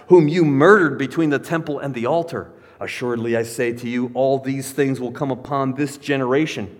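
An earnest man preaching a sermon, his fairly high voice lifting as he reads scripture and sinking low for grave points. His words ring out with a long reverb, as in a large hall. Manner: earnest, swells in pitch when reading scripture, drops low for solemn points.

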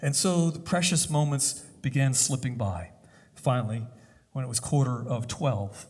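A man preaching a sermon, telling a story deliberately, with pauses and hesitations. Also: mid-range voice, darkish tone, husky. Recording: long hall reverb.

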